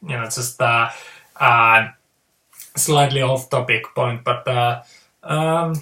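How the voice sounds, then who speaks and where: A man's voice: medium pitch, slow pace, pauses often, pushed and bright. A man hosting his own video channel, rambling through a casual, hesitant monologue. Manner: hesitant, many fillers and restarts. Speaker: video host. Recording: roomy echo.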